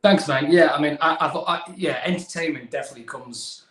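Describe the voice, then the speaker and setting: A man's voice: on the high side, brisk, fairly bright tone, reverberant, poor audio. A young English man, a magician guest on a video call, telling his story in a chatty, self-deprecating way with many restarts. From England. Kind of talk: casual video-call interview.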